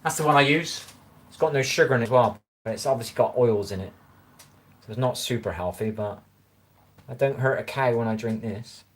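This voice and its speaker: Man, 40s, thick West Country accent, casual home livestreamer, mid-pitched and unhurried, loose and rambling. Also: a little hiss or hum. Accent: West Country English. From England. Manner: rambling, answers chat comments aloud. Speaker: livestream host. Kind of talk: casual live-stream chat. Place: room at home.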